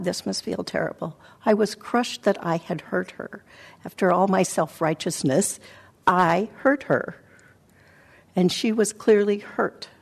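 A woman meditation teacher giving a dharma talk, telling a personal story in a reflective, halting way with soft pauses. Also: mid-range voice, vocal fry. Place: meditation center hall.

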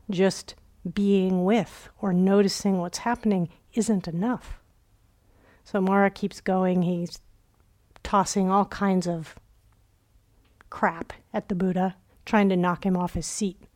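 A woman's voice: lowish voice, darkish tone. A woman meditation teacher giving a dharma talk at a retreat center, telling stories reflectively and acting out quoted inner voices.

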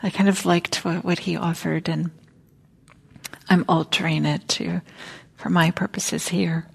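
A woman gives a meditation talk in a soft, unhurried way, often sinking to a near whisper. Her fairly low voice has a gravelly, husky edge. She muses aloud with casual fillers. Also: fairly even intonation. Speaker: meditation teacher. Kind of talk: dharma talk. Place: meditation hall.

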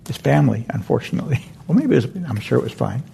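In a meditation center hall, a male meditation teacher gives a dharma talk, speaking gently and wandering, frequently correcting himself mid-sentence. His mid-range voice is sing-song and breathy at the edges, with vocal fry, and he talks fast.

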